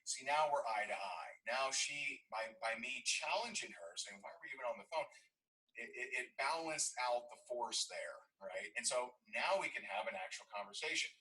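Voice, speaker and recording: Man, sales coach, bright tone, storytelling, a bit off-mic. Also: mid-range voice, expressive, normal speed, few pauses, recorded from a distance, low-quality recording. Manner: storytelling, acts out voices in his anecdote. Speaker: network marketing coach. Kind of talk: motivational teaching talk.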